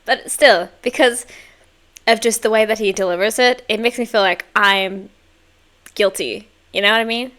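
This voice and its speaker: A woman's voice: mid-range voice, normal speed, a bit bright. A young woman hosting a music reaction, gushing with exclamations and chatty fillers. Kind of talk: casual reaction commentary. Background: faint music playing.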